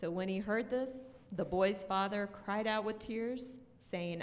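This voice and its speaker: A woman reading Bible verses aloud to a church group, slow and measured. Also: medium pitch. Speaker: scripture reader. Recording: distant mic in a reverberant hall.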